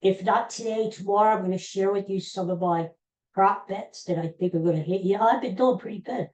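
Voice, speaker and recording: Speaking briskly in a high-pitched voice with a darkish tone, an older podcast host rambles and jokes in a folksy way on his casual solo show. The recording has a roomy echo.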